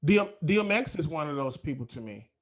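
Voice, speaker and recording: A man's voice: a little high, sing-song. A man hosting a podcast, making his points in an earnest, emphatic way during a casual chat. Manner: earnest, emphatic, talks in quick bursts. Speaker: podcast host. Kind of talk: casual conversation.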